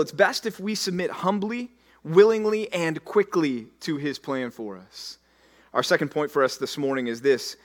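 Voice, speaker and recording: A man pastor preaching a sermon, acting out scripture in the first person and swinging from loud declaiming to hushed, slow emphasis. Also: a little high.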